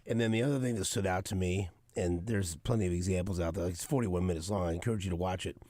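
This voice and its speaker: A man's voice: deep voice, quick pace, dry recording. A man hosting a sports radio talk show, telling stories casually and animatedly acting out what players said. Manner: animated storytelling, acts out quotes.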